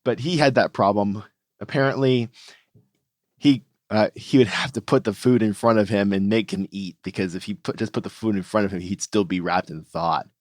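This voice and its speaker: A man's voice: on the low side, normal speed, dry recording, clean studio sound. A man co-hosting a podcast, chatting in a light, friendly way and reading out listener mail. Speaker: podcast co-host. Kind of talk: casual podcast chat.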